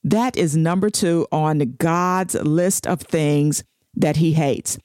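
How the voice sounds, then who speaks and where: A woman reads scripture at a slow, deliberate pace and stops to explain each verse. Her voice sits a little low. The sound is dry and close, with no room around it. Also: a little mellow, no room sound. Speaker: Bible teacher. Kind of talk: devotional Bible teaching.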